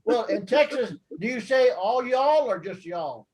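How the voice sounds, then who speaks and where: Middle-aged American man, higher voice, chatty class host, jokey and rambling. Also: animated, measured pace, a little mellow, poor audio. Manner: chatty, jokey, laughs at his own asides. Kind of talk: casual teaching chat.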